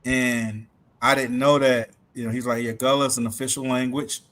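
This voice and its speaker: A middle-aged man co-hosting a casual livestream, telling animated stories from home, laughing often and acting out quotes. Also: mid-range voice, normal speed. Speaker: livestream co-host. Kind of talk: casual chat.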